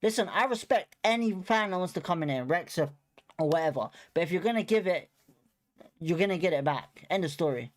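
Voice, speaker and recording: Fairly quick and high-pitched, this young man hosts a fan watchalong and goes on a heated post-match rant. Constant swearing and blunt, frustrated bursts bring him back to the same points, and each time he tells himself to stay calm he flares up again.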